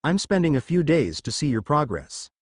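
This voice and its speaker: A man's voice: a little high, big pitch swings, normal speed, slightly rough, no room sound, studio quality. A man reading the lines of a scornful middle-aged witch woman with a slight Southern US accent, in a storybook reading. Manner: scornful, commanding.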